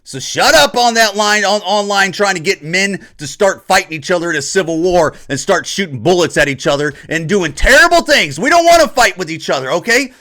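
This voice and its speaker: A man's voice: high-pitched, animated, brisk, hardly any pauses, pushed and bright. A man from Ohio hosting an opinion podcast, ranting in a repetitive, combative monologue and mocking others. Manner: mocks others in put-on voices. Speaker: podcast host.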